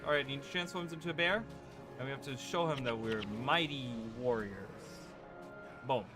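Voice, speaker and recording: Speaking at a moderate pace in a voice on the high side, a gaming channel host rambles through a casual let's-play with plenty of fillers and rhetorical "right?" checks. He's on a desk microphone, with game music playing under his voice.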